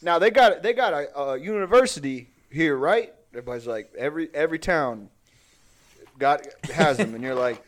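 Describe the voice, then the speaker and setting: A man co-hosting a podcast in loose, joking banter. His voice is fairly high and swings widely in pitch. He rambles and drops into goofy quoted voices for laughs. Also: animated, normal speed. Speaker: podcast co-host.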